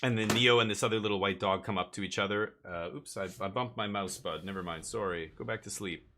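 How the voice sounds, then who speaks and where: A man's voice: fairly low pitch, fast talker, pushed and bright. A man streaming a card game live, thinking aloud and muttering his plays as he goes.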